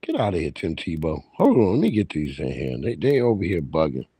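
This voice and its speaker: A man hosting a livestream, reacting to clips with loud, profane, laughing banter. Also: extremely low pitch, sing-song, brisk, husky, no room sound. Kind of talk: casual reaction commentary.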